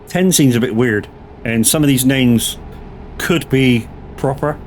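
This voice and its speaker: A gaming streamer from Southwest England, speaking with a West Country accent in a mid-range voice at a measured pace, chats casually on his live stream. He's relaxed, reading viewers' messages aloud and answering them, with slight background noise behind him.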